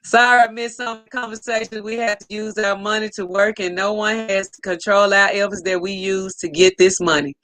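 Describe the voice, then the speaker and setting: A woman's voice: mid-range voice, steady tone, moderate pace, few pauses, fairly bright tone. A woman hosting a casual live stream, reading viewer comments aloud in an upbeat, effusive way.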